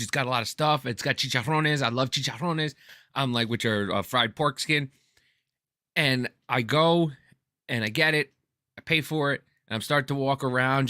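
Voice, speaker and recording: A man's voice: medium pitch, sharp tone, dry recording, clean studio sound. A middle-aged man telling a personal story in casual chat, earnest and profane, often stumbling over restarts.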